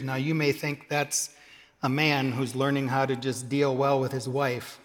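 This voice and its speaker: A man's voice: medium pitch, fairly even intonation, moderate pace, fairly bright tone, big-room sound. A man preaching a sermon, reading scripture aloud and adding humorous asides. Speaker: pastor.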